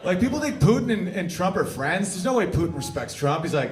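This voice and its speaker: A man's voice: high voice, very animated, a little fast, hardly any pauses, very noisy. A man doing stand-up comedy on a stage, riffing brashly with the crowd and playing a guitar. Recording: roomy live room with loud guitar.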